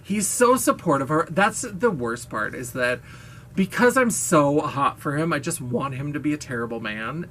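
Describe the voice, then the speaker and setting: Gushing man with a bright, brash voice. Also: fairly high pitch, lively intonation, normal speed, a little hiss or hum. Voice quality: brash, blaring voice. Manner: gushing, playful, self-mocking. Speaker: vlogger. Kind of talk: casual chatty monologue.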